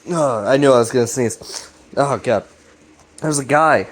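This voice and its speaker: A man's voice: medium pitch, sing-song, slow pace. A man hosting a casual video recap, rambling loosely with frequent swearing and restarts. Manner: profane, laid-back, rambling with restarts. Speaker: video series host.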